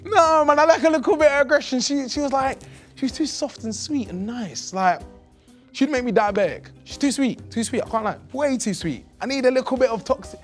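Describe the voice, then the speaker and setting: A man's voice: extremely high pitch, animated, fairly quick, soft background music. A young man with a London accent, chatting and teasing on a blind date in a cheeky, slangy way. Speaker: blind dating contestant. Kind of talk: casual chat.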